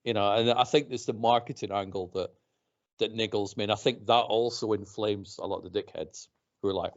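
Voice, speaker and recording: A man hosting a casual podcast chat, animated, mocking others by putting on voices. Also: lowish voice, fairly quick. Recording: dull lo-fi podcast audio.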